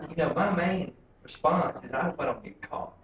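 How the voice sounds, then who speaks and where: A man with a slightly high voice thinks out loud, sharing reflectively with a men's group. He sounds distant from the mic in an echoey room, with clear noise behind him and a dull, lo-fi sound. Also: normal speed. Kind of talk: casual testimony. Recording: far-off echoey lo-fi room recording.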